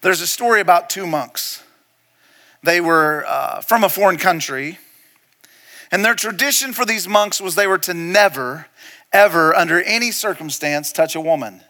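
A man preaching a sermon to a church hall, telling a story and often dropping into a soft, intense hush for emphasis. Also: high voice, moderate pace. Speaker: pastor.

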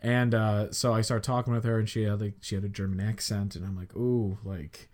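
A man's voice: lowish voice, little pitch movement, quick pace, darkish tone. Rambling young man from the Chicago area. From Chicago area, United States. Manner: rambling, filler-heavy storytelling with lots of "like" and "um". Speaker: podcast host. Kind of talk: casual storytelling chat.

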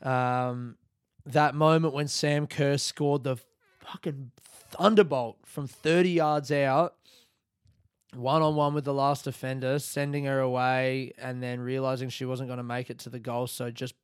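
A man's voice: medium pitch, a little slow, clean tone, no echo, clean studio sound. An Australian man hosting a podcast alone, telling stories casually with lots of swearing and getting worked up as he talks. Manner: sweary, animated storytelling, gets worked up. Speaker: podcast host. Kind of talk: casual solo podcast monologue.

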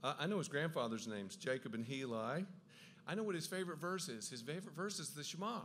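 A man giving an enthusiastic Bible talk, with quick asides and frequent restarts as he explains. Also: fairly high pitch, expressive, a bit bright, a little hiss or hum. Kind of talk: lively lecture on the Gospels.

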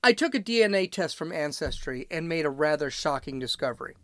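A man's voice: fairly high pitch, lively intonation, brisk, a bit bright, a little hiss or hum. A man from Chicago hosting his podcast, talking in a blunt, rambling, off-the-cuff monologue. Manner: blunt, ranting and digressive. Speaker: podcast host.

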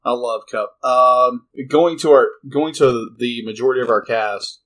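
A man co-hosting a podcast, chatting casually, eager and agreeable with many quick affirmations. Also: medium pitch, a bit bright. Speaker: podcast co-host. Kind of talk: casual chat.

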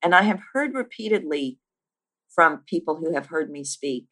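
A woman with a low voice coaches listeners on how to speak. She drives her points home with punchy repeated phrases and lets deliberate pauses hang after the important lines. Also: animated, fairly bright tone. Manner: emphatic, builds lists with rising force. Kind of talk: teaching monologue.

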